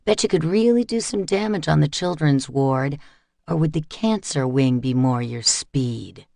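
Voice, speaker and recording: A man voicing a menacing male vampire warrior who speaks with low, hissing contempt. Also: a little slow, vocal fry, darkish tone, no room sound, clean studio sound. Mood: hissing menace.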